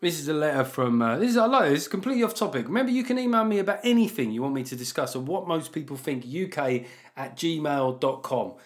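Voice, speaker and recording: Sweary podcast host. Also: male voice, a little high, expressive, fast talker. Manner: rambling, sweary, sardonic. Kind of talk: casual podcast chat.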